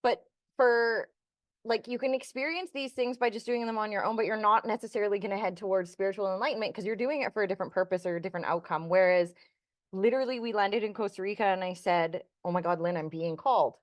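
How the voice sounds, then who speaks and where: A woman's voice: mid-range voice, fast, no echo. A woman co-hosting a podcast, earnestly telling a personal story and acting out the remembered dialogue in casual chat. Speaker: podcast co-host.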